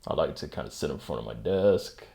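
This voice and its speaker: A man's voice: a bass voice, animated, fairly quick, creaky, warm tone. A man hosting a solo podcast, rambling casually in a self-mocking way and chuckling at himself, speaking into a desk mic at home. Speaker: podcast host. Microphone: desk microphone.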